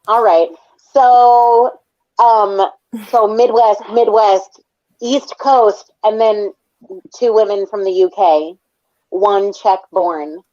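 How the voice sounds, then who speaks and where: A woman's voice: medium pitch, darkish tone, dry recording. Woman host, 30s, chatty, reads chat, dull lo-fi mic. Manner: chatty, reads viewer comments aloud. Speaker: stream host. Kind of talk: casual chat.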